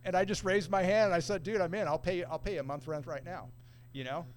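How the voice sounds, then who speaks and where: A middle-aged man with a slightly high voice tells a long anecdote in laid-back surfer talk. He slips into other people's quoted lines as he goes. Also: fairly even intonation, fairly quick, a crowd in the background. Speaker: podcast guest. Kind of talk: casual storytelling.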